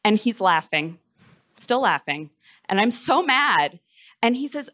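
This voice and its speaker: A woman performing a comic personal story on stage, animated and self-mocking, speeding up in breathless rushes. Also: fairly high pitch. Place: festival stage.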